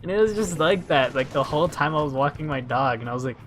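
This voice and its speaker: A young gaming streamer tells a rambling story while he plays, swearing freely into his headset mic. His voice is on the high side and a bit bright, with lively intonation and a quick pace, plus slight background noise.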